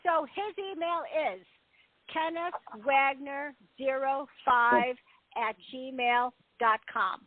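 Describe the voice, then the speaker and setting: Upbeat gushing lady host, kinda high voice, phone-line sound, dry. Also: fairly even intonation, takes it slowly, no room sound. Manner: effusive and upbeat, repeats herself. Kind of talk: casual group call.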